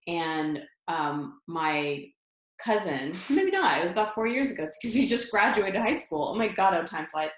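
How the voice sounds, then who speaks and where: Lower-voiced woman telling a story, roomy sound. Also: normal speed. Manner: animated, laughs often, many fillers and restarts. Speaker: interview guest. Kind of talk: personal storytelling in conversation. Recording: roomy echo.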